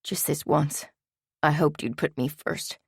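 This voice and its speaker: Woman reading audiobook man, grieving, raw weary voice, low, dry close sound. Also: fairly even intonation, a little slow, vocal fry, husky, dry recording, full character voice. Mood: deflated. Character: Jed, grieving frightened adult man.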